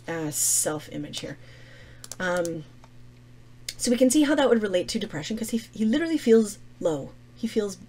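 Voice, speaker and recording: A woman's voice: mid-range voice, a little mellow, slight background noise. A woman teaching essay writing who thinks aloud, corrects herself and mutters words under her breath while she works.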